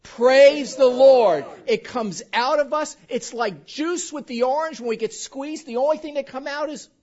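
A pastor preaching a sermon in a church, animated and quizzing the congregation with call-and-response questions. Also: male voice, very high voice, moderate pace. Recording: dull lo-fi recording.

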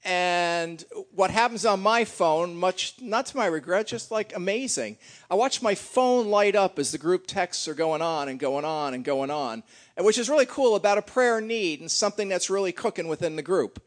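A man's voice: high voice, lively intonation, moderate pace. A middle-aged man leading a church gathering, joking and teasing his congregation in a casual, chatty way.

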